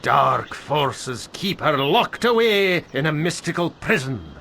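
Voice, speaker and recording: An actor playing a fawning, scheming male messenger who talks in a theatrical, flattering way. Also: fairly high pitch, takes it slowly, creaky, slight background noise, full character voice.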